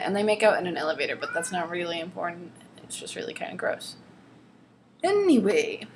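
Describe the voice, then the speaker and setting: A woman's voice: medium pitch, slight background noise. A young adult woman reviewing a novel in a vlog, mocking and exasperated as she reads passages aloud with overdone drama. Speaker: vlogger reading a novel aloud. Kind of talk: casual sarcastic book commentary.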